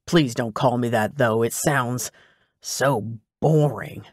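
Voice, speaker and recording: A wry male detective speaks in an audiobook, read by a man. His voice sits mid-range and sounds plain and unhurried. He delivers lines matter-of-factly, with a teasing edge, in a dead-dry studio sound. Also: medium pitch, no room sound. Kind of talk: audiobook dialogue.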